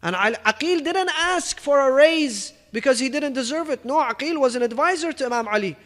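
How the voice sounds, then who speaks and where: A man's voice: very high voice, lively intonation, fairly quick, fairly bright tone, in a large hall. A man giving a storytelling sermon, speaking emphatically and peppering his telling with Arabic phrases. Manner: emphatic storyteller, acting out quoted speech, rich in Arabic phrases. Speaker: religious speaker.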